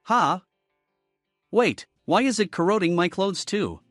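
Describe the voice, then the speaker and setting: A man's voice: sits high, animated, a little slow, fairly bright tone, dry recording, clean studio sound, soft background music, pitched above the performer's own voice. A man voicing an anxious young saintess who keeps asking flustered questions.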